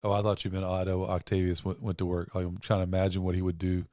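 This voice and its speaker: A man co-hosting a podcast in casual chat, cracking deadpan jokes and spinning silly made-up sales pitches. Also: quick pace, dry recording, clean studio sound. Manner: deadpan joking, tall-tale sales pitches. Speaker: podcast co-host.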